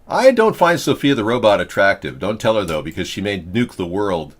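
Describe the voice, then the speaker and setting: A man's voice: on the low side, very animated, a little fast. A man hosting a casual political talk show, rambling from story to story with a joking, sarcastic manner. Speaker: host.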